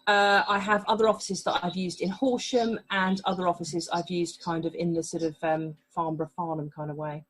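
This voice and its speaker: A woman's voice: lowish voice, flat delivery, moderate pace, hardly any pauses, a bit bright, rough recording. A woman from England, a family mediator, explaining her work in a podcast interview in a reassuring way.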